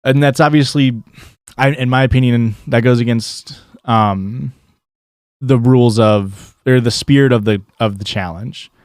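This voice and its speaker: A young Midwestern man rambles through casual gameplay commentary on a stream, full of fillers and restarts. His mid-range voice is a little slow and darkish, recorded clean in a studio with no room sound.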